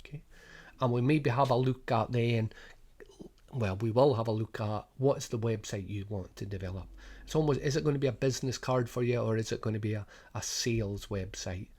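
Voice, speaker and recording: Middle-aged Highland Scots man, mid-pitched, casual coach talk, loose and full of rhetorical questions. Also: brisk, darkish tone. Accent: Scottish Highlands. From Scotland. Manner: rambling, many restarts and rhetorical questions. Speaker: sports business coach. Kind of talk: informal spoken programme overview.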